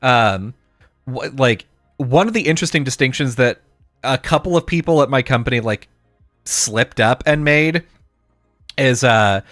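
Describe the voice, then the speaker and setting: A man's voice: mid-range voice, expressive, unhurried, pauses often, fairly bright tone, dry recording, clean studio sound, faint music behind. A man co-hosting a podcast, chatting casually, rambling with fillers and restarts and acting out the people he quotes. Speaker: podcast co-host. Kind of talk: casual chat.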